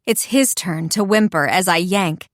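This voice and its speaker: A woman narrating a first-person romance audiobook in an expressive, intimate storytelling voice. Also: fairly low pitch, a little slow, dry recording, studio quality.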